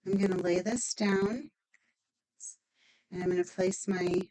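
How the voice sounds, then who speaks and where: A woman's voice: medium pitch, fairly even intonation, a little slow, dark tone, poor audio. A woman demonstrating a stamping craft project, chatty and upbeat, thinking aloud as she works.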